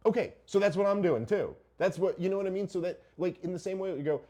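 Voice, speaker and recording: A man's voice: a little high, animated, quick pace, few pauses, dark tone. A middle-aged man hosting a podcast, arguing his point in casual, profane chat full of rhetorical questions. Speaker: podcast host.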